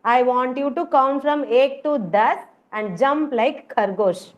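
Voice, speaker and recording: This preschool teacher, a woman with an Indian English accent, speaks slowly in a high voice. She runs an online class over a video call, repeatedly calling out encouragement to the kids, and the audio is muffled.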